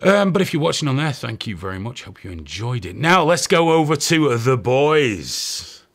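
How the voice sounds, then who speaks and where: A man's voice: mid-range voice, big pitch swings, moderate pace, a bit bright. A man hosting a live stream in casual, joking chat, swearing freely and out of breath from running around. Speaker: host.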